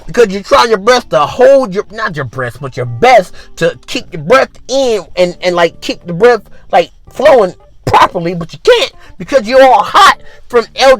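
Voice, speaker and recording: A man hosting a podcast, telling a comic story as an exaggerated rant full of repeated asides. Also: high-pitched. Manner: animated, exaggerated, repetitive asides. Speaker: podcast host.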